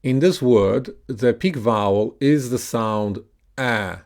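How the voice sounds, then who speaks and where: Slow, gravelly male pronunciation teacher. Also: medium pitch, a little mellow. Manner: patient, deliberate, stretches words out to model stress. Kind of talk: slow instructional lesson with repeat-after-me drills.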